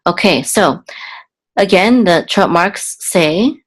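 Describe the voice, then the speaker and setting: In a low-quality recording, an animated woman walks through Biblical Hebrew reading at a slow pace, using filler words and correcting herself. She then sings the marks in a raised, chanting voice.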